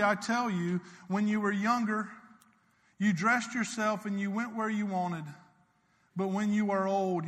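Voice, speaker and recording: High bright-voiced preacher in a reverberant hall. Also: male voice. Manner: preaches with swells of intensity and hushed intimate passages. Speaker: pastor. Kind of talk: sermon.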